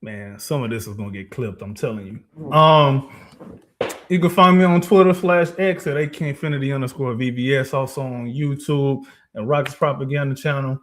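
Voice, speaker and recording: A man's voice: medium pitch, normal speed, slight background noise. A man co-hosting a casual sports podcast, arguing emphatically with rhetorical questions and frequent laughter. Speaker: podcast co-host.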